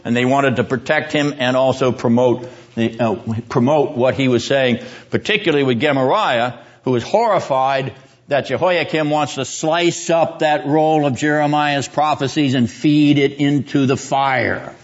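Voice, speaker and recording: A man's voice: medium pitch, a little slow, lo-fi sound. A man teaching a seminary class on the Bible, quizzing his students and driving points home by repeating them.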